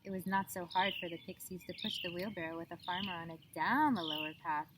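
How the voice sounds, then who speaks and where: A woman telling a children's story outdoors in an expressive, drawn-out storybook manner. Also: on the low side. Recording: outdoor noise with birdsong.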